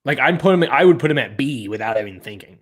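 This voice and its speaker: A man's voice: medium pitch, animated, quick pace, slightly rough. Laid-back joking young man. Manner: laid-back, joking, trails off mid-sentence. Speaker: podcast co-host. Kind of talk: casual chat ranking party foods.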